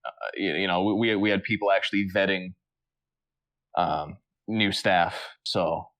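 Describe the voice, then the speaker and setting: A man with a fairly low voice co-hosts a casual comedic podcast. He spins a deadpan yarn in a halting way and often stops to restart his sentences. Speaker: podcast co-host.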